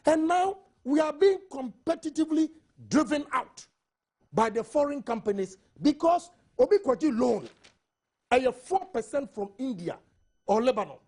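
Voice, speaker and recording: Very animated and very high-pitched yet a little mellow, this studio panelist with a Ghanaian accent argues passionately at normal speed during a TV newspaper review, peppering his commentary with rhetorical questions.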